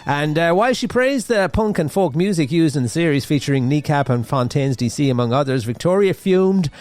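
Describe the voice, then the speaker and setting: A man's voice: fairly high pitch, darkish tone. A man hosting a radio show, chatting casually through the news with a rambling manner and lots of fillers and restarts. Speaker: radio host. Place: radio studio.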